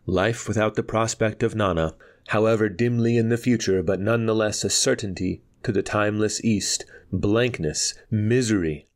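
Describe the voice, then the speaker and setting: A man narrating a pulp story aloud in a measured, dramatic reading. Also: on the low side. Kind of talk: audiobook narration.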